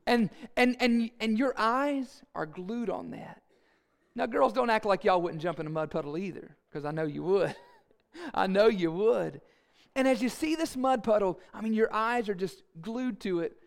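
Pastor guy, really high voice, lively playful sermon storytelling. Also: normal speed, gravelly. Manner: animated, playful storytelling with asides.

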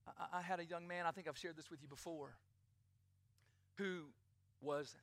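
A pastor preaches in an emphatic, rising and falling delivery. His voice is bright and forward. The sound is dry, with almost no room echo. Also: fairly high pitch, steady tone, moderate pace. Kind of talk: sermon.

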